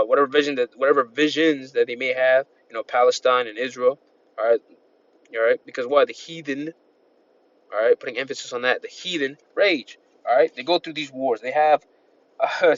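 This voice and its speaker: Rambling lo-fi street preacher man. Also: mid-range voice. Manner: rambling, repetitive, peppered with "man" and "all right". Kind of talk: informal sermon with scripture reading.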